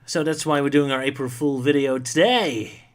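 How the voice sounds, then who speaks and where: A man hosting a casual stream chat in a relaxed way, now and then jumping up high in pitch for an exclamation. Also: normal speed. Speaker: stream host.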